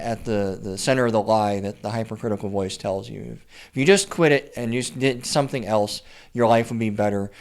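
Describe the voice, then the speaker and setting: Guy talking straight at you, blunt and sweary, keeps stammering and repeating words, middle-pitched voice. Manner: frequent stammered word repeats. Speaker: writer and therapist. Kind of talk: casual advice monologue.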